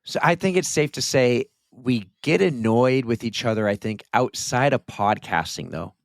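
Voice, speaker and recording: A man's voice: medium pitch, moderate pace, vocal fry, no room sound, studio quality. A man co-hosting a running podcast, talking in a loose, rambling way. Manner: rambling, restarts and jokes. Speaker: podcast co-host. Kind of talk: casual chat.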